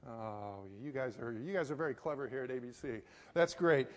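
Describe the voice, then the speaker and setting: The same kind of folksy sermon comes from a middle-aged American missionary pastor speaking fast at medium pitch, sharing a personal story with plenty of fillers. Hall reverb is audible on the recording.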